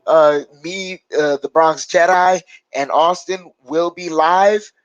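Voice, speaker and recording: A man co-hosting a loose live-stream sports talk, his voice sitting on the higher side. He rambles and hesitates, filling gaps as he thinks. The sound is dry and close, with no room echo. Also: steady tone, highs cut off. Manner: rambling, halting with many fillers. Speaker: co-host.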